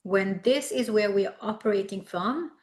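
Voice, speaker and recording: A woman's voice: medium pitch, normal speed. Reflective middle-aged woman sharing her story. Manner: reflective and confessional, frequent "like" fillers. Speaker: wellness coach. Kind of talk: personal storytelling talk.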